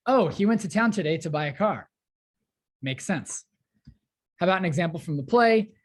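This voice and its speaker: A woman's voice: on the low side, animated, a little fast, darkish tone, breathy edge. A woman teaching a lesson, explaining step by step with frequent fillers. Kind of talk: classroom lecture.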